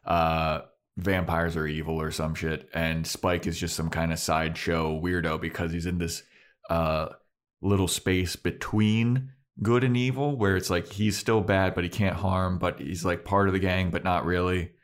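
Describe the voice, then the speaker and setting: Man, podcast co-host, low voice, casual rambling recap, lots of "like" and "uh". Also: little pitch movement. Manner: rambling, filler-heavy retelling with quick character voices. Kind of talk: casual TV episode recap chat.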